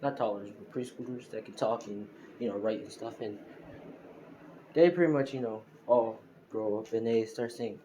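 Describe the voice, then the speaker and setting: A man telling an improvised fan story out loud, rambling with lots of fillers and restarts. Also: medium pitch, moderate pace, a little hiss or hum, poor audio.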